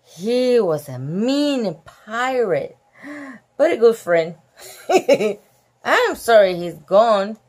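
A woman's voice: on the high side, very animated, very slow, a little mellow, exaggerated voice. A woman voicing an old female mole who runs a pool hall, in a giggly, lightly acted read-aloud voice. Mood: fond.

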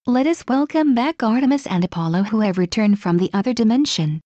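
A woman's voice: fairly high pitch, lively intonation, fairly quick, warm tone, dry recording, highs cut off, natural voice. A woman reading the lines of a stern male king of the gods in a fan story, in her own plain voice.

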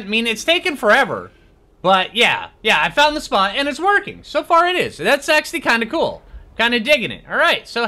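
A man hosts his own gaming channel, offering casual, upbeat commentary while he plays. His voice sits high and sounds pushed and bright, and he's chatty, talking to himself as the game goes on.

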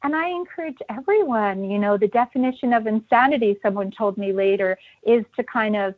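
A woman's voice: fairly high pitch, a little fast, no echo, narrow, tinny audio. A middle-aged woman telling a story as a podcast guest, acting out the voices of the people she quotes. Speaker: podcast guest, birth educator.

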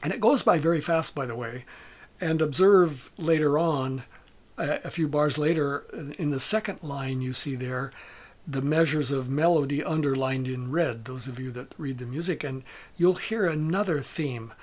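A man giving a music lecture, speaking haltingly with many fillers and soft asides. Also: on the high side. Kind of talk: lecture on a recording.

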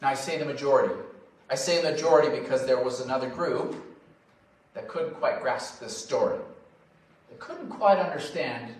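A male pastor preaching a sermon, swinging from loud emphasis to quiet, drawn-out phrases. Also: mid-range voice. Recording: very echoey hall, voice from far off.

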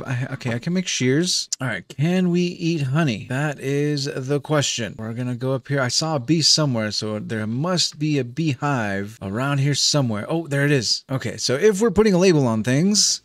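A man's voice: mid-range voice, no echo. A man giving gameplay commentary as a let's play host, chatting as he thinks aloud, often restarting sentences and chuckling.

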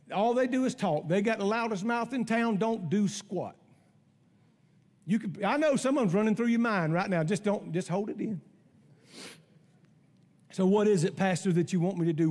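A middle-aged man preaching a sermon in a church, folksy and emphatic in his conversational style. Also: very high voice. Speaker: pastor. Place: church sanctuary. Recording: long church hall reverb.

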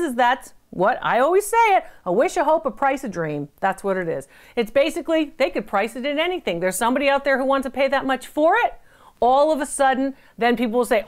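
Middle-aged woman from the US, antiques appraiser, fairly high voice, emphatic and chatty, wanders into stories. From United States. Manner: emphatic, chatty, digressive with anecdotes. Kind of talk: appraisal tips to camera.

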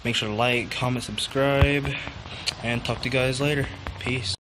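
A man's voice: mid-range voice, fairly even intonation, moderate pace. A man hosting a gaming video, chatting playfully with viewers as he plays. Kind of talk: casual gameplay commentary. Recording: loud background noise.

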